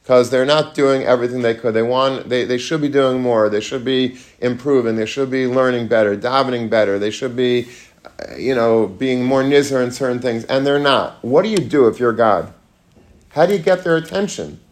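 A man's voice: mid-range voice, moderate pace. A man giving an informal Torah lecture to students, chatty and full of questions to the room, mixing in Hebrew and Yiddish terms. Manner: conversational, asks the audience questions, mixes Hebrew and Yiddish terms. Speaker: rabbi giving a talk to students. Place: room with a live audience.

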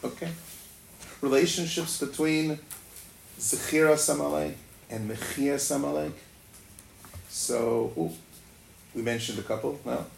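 Gravelly man teaching a Torah class. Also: a little high, fairly even intonation, a little slow, pauses often. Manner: thinking aloud, rhetorical questions, many fillers. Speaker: Talmud teacher. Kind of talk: Torah lecture. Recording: echoey room, faint noise.

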